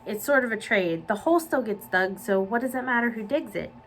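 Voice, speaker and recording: A woman's voice: a little high, lively intonation, fairly quick, slight background noise, lightly acted. A woman reading aloud voices an earnest teenage boy. He reasons his case politely and sincerely. It is a storybook reading.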